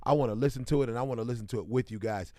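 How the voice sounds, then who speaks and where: Midwestern man, casual livestream host, mid-pitched, dry close sound, shout-outs to chat. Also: rapid-fire, no echo. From Kansas City, American Midwest. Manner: loose and chatty, greets viewers by name with bursts of hype.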